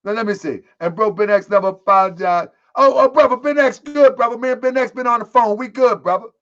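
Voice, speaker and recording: A man rants to his online audience in a high, excitable voice. He repeats himself and laughs between points. The recording sounds dull and lo-fi. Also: fast talker. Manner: repetitive, heated, laughing, calls the audience family. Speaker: online commentary host. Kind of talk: animated commentary rant.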